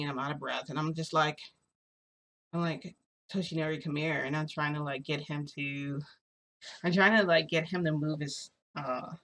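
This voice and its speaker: A young adult woman telling a story as a casual vlogger. She rambles, hesitates and fills her speech with "like". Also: sits low. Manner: rambling, filler-heavy, hesitant.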